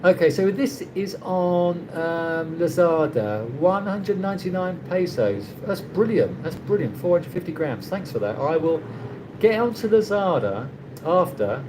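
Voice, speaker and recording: Sitting high in pitch and very animated, the voice of this middle-aged Londoner moves unhurriedly over a noisy background. Hosting a livestream from London, England, he chats casually, reads viewer comments, and rambles with many restarts.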